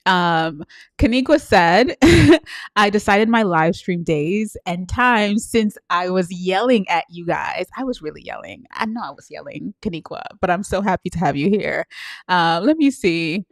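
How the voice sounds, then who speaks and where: Greeting viewers by name with sing-song hellos and frequent laughter, a woman hosts a live stream as a coach. She speaks in an animated, lowish voice at an unhurried pace. Her live-stream setup sounds clean and studio-like, with no echo.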